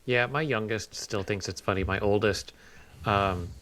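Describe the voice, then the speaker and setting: A man's voice: on the low side, measured pace, a bit bright, slight background noise. A man co-hosting a podcast, telling casual stories and acting out quoted lines. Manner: storytelling, acts out quotes. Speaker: podcast co-host. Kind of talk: casual chat.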